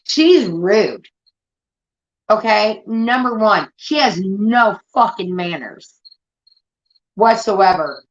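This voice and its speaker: A woman's voice: medium pitch, expressive, extremely slow, long pauses. A woman from Indiana hosting a livestream, ranting heatedly and swearing a lot in casual talk. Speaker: livestream host. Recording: dull lo-fi stream audio.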